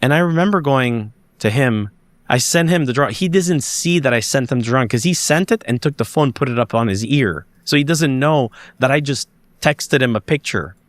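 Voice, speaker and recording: Male podcast guest, animated storyteller who voices the other people in his story, dry close sound. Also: medium pitch, normal speed, no echo. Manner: animated, acts out dialogue, frequent restarts. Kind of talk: conversational storytelling.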